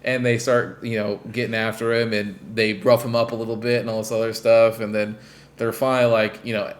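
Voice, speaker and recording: A man's voice: fairly low pitch, level tone, a little fast. A man co-hosting a podcast, rambling in casual chat with lots of fillers and the odd swear word. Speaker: podcast co-host.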